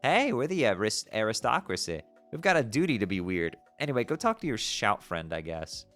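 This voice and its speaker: A man's voice: lowish voice, big pitch swings, a little fast, a bit bright, soft background music. A man voicing a bubbly, regal teenage sea-troll princess who drops "glub" into her speech as he reads a webcomic aloud. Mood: breezy.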